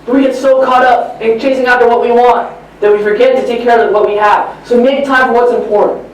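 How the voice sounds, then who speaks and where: A man giving a live motivational talk, telling stories in an animated, preachy way at a training event in a large hall. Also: very high-pitched, a little fast. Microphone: far from the recording mic. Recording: echoey hall from far off.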